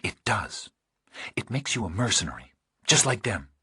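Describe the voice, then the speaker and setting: Audiobook side part: a quiet, reproachful companion, very raspy and lively in pitch, read by a man. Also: moderate pace, dry recording, studio quality, exaggerated voice. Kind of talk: audiobook character reading.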